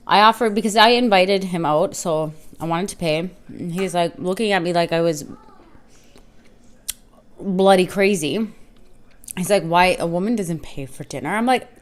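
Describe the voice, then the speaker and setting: A woman's voice: fairly low pitch, unhurried, long pauses. A woman vlogger telling a casual story while eating, rambling and acting out both sides of a conversation with lots of "I'm like" and "he's like.". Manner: rambling, quotes herself and others with "I'm like" and "he's like"; chatty filler-heavy talk with restarts. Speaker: mukbang vlogger.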